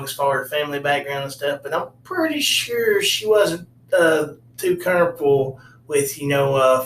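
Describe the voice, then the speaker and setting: A man's voice: medium pitch, a bit bright, a little hiss or hum. Man, comic storyteller, rambling wry asides, echoey room, mic at a distance.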